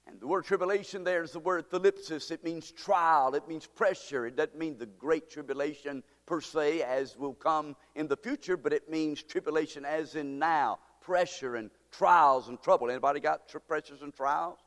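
A male pastor preaching a sermon, reading scripture slowly and with emphasis, calling on the congregation to respond, then praying. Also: on the high side, a bit bright. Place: church sanctuary. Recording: reverberant hall.

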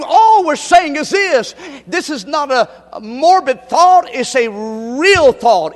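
Pastor, very high tenor, emphatic pulpit preaching with shouted peaks, church hall reverb. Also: male voice. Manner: emphatic preaching, rising to shouts, repeats phrases. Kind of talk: sermon. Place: church sanctuary.

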